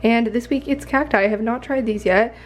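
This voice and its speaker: A woman's voice: a little high, a little fast. A woman in her twenties talking casually to her camera in a vlog, rambling and laughing often. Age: 20s. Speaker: lifestyle vlogger. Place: apartment and city streets. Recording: echoey room, faint ambient noise.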